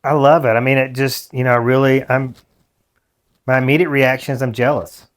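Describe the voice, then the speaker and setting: A man in his forties co-hosting a casual political podcast. He speaks earnestly and haltingly, with frequent restarts. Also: medium pitch, little pitch movement. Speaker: podcast co-host.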